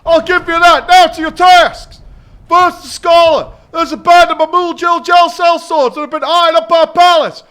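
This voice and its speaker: A bellowing, insult-spitting drill sergeant, put on by a man reading game lines aloud. The voice is high, bright and forceful, shouting orders at recruits in a gruff game scene. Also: fairly even intonation, moderate pace. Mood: commanding. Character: harsh foul-mouthed male drill sergeant, bellowing.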